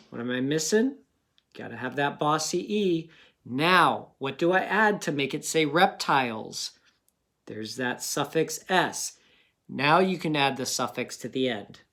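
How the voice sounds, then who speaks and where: A man teaching a phonics lesson to young pupils, sounding out words slowly and asking patient questions. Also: on the high side, fairly bright tone.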